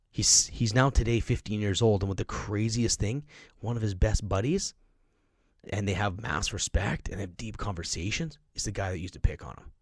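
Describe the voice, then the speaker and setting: A man's voice: on the low side, no echo, clean studio sound. A middle-aged man hosting a podcast, speaking emphatically in a motivational monologue and acting out the voices of people he quotes. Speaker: podcast host.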